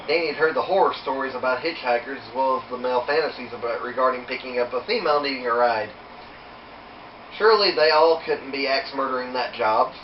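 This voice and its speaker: A man reading his own horror story aloud in a steady, unhurried storytelling manner. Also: mid-range voice, a little hiss or hum. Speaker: author reading his book. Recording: roomy, distant, dull home recording.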